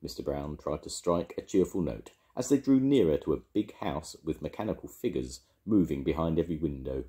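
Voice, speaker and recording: Deep, lively grandfather reading aloud. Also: a little fast. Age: older. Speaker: storytelling grandfather. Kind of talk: reading a picture book aloud.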